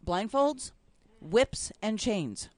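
A woman tells odd news stories on a casual talk show, chatty and quick to laugh. She stresses her punchlines. The recording is dry and close. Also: mid-range voice, big pitch swings, a little mellow, no room sound. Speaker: podcast co-host reading news stories. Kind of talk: casual chat.

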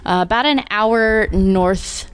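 A woman's voice: medium pitch, slow pace, a little hiss or hum. A woman from Arizona chatting casually in a group, upbeat with many fillers.

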